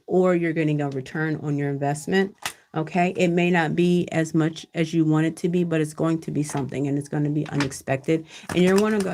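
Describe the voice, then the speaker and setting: A woman reads tarot cards live from her home computer, talking loosely and often checking in with her viewers. Her voice sits low with a gravelly rasp. A faint hiss runs under the recording. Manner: chatty, frequent "okay?" checks with viewers, casual cussing. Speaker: tarot card reader. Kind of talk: casual live tarot reading. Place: at home with her child nearby.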